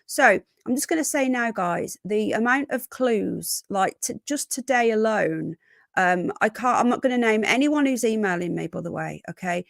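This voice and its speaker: A woman hosting a casual live stream, a bit croaky, chatting and greeting viewers by name with endearments like darling and sweetheart. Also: fairly high pitch, lively intonation, normal speed, no echo, studio quality. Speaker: livestream host.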